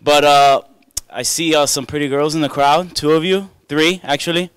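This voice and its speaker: Male stand-up, self-deprecating crowd work, smooth clear voice, dry close mic. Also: a little high, steady tone, moderate pace, a bit bright, dry recording. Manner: chatty, self-mocking, riffs with the crowd. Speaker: stand-up comedian. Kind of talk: stand-up comedy set. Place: comedy club stage before a live audience.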